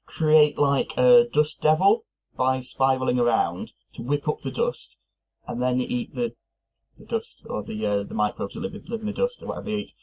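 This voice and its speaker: Man, middle pitch, casual podcast chat, musing, thinks aloud. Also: normal speed, a little mellow, lo-fi sound. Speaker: podcast co-host.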